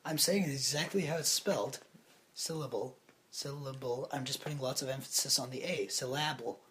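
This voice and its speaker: A man's voice: mid-range voice, brisk, fairly bright tone, slight background noise. A young man co-hosting a podcast in casual chat, sick, playful and laughing often. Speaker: podcast co-host.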